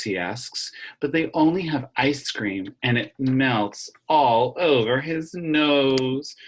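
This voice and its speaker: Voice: medium pitch, slow, hardly any pauses, husky. An elementary music teacher reading a picture book aloud in an online lesson and chanting a clapped rhythm.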